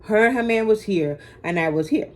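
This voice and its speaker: A woman's voice: mid-range voice, a little fast, a little mellow. A young woman telling a personal story to camera in a casual, blunt, slangy way, cursing freely and poking fun at herself. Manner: blunt, profane, slangy, self-mocking. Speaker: storytime vlogger.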